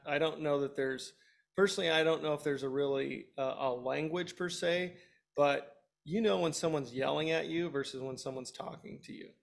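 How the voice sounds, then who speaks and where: A man's voice: a little high, gravelly. A man in his thirties, a hunting guest expert, giving practical, direct advice in an instructional webinar.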